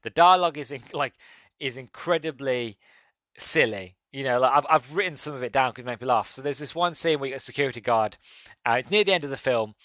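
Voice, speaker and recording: A man's voice: mid-range voice, quick pace, a bit bright, no echo. A man hosting a podcast, casually reviewing a movie in an enthusiastic, rambling way with lots of fillers. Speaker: podcast host.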